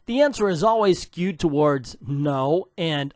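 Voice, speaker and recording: A man's voice: a little high, very animated, measured pace, few pauses, no room sound, clean studio sound. A man reviewing comic books in a sarcastic, scornful rant.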